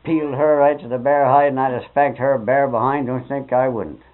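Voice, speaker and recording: A man's voice: mid-range voice, steady tone, fairly quick. An older man telling folksy, rambling anecdotes in a colloquial way, with mild oaths here and there. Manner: folksy, colloquial, swears mildly. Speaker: interviewee. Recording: tinny narrow-band old tape.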